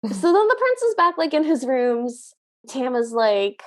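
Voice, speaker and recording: A woman's voice: high-pitched, unhurried. Chatty woman podcaster recapping a film. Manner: animated, laughing, recaps scenes and acts out the lines. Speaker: podcast co-host. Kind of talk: casual chat retelling a movie plot.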